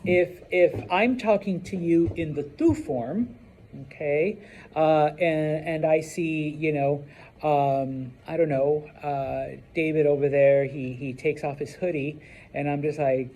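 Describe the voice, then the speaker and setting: Laid back guy teaching spanish class, slow and kinda husky, keeps saying okay?. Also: on the high side. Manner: relaxed, chatty, repeats "okay?" often. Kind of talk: classroom lesson.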